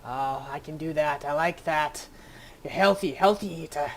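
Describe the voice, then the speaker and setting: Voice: medium pitch, normal speed, a crowd in the background, natural voice. A game master voicing a bustling, motherly middle-aged woman cook who fusses over her guests. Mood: doting. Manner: doting, pushy hospitality.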